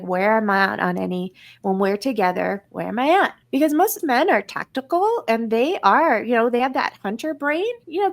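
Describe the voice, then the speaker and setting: A woman with a fairly high voice leads a casual chat about relationships. She coaches her listeners and slips into example lines that a partner might say. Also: creaky. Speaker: podcast co-host.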